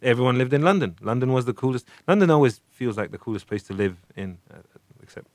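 A man's voice: medium pitch, expressive, fast, dry recording. A man co-hosting a casual music chat, enthusiastic and rambling, with many restarts. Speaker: podcast co-host.

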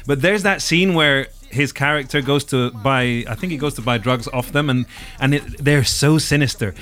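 A man's voice: mid-range voice, normal speed, a bit bright. A man hosting a podcast, chatting casually about music in a wry, rambling way. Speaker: podcast host.

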